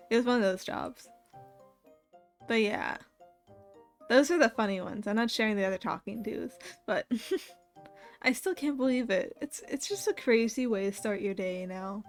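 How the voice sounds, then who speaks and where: Chatty young woman streamer, slightly high voice. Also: moderate pace, long pauses, faint music behind. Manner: laughs often while telling a story, animated quoting of others. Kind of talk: casual chat.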